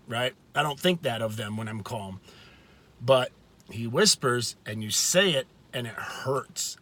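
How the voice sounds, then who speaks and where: A man's voice: medium pitch, fairly bright tone. Earnest man giving a casual faith talk. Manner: earnest and conversational, with frequent restarts and emphatic slow stresses. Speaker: video host.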